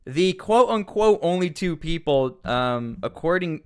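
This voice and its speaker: A man's voice: fairly high pitch, animated, a little slow, clear, resonant tone. A man commenting on news during a casual livestream, rambling with many fillers and restarts.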